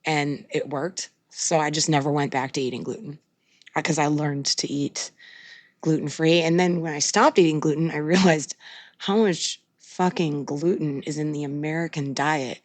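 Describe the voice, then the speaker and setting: Blunt, low-voiced woman podcast co-host. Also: fairly even intonation, normal speed, dry recording. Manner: blunt, swears freely, laughs often. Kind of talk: casual chat.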